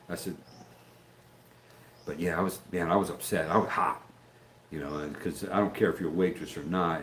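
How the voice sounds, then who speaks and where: A man's voice: low voice, slight background noise. An older man, chatting casually on his live stream, rambling with many fillers and restarts.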